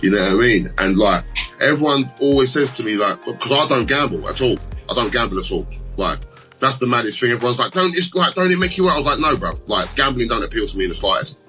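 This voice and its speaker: A young man chatting casually, telling animated stories and acting out arguments in raised voices. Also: mid-range voice, fast, faint music behind, rough recording. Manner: animated storyteller, acts out quarrels in raised voices. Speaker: betting shop assistant manager. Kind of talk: casual chat.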